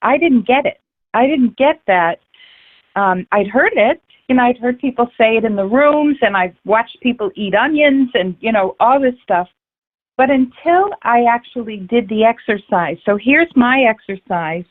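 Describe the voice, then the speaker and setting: A woman's voice: fairly high pitch, lively intonation, normal speed. A woman trader being interviewed, talking frankly and passionately about her life and trading, swearing freely and restarting her sentences often. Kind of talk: candid personal interview. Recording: tinny phone-like line.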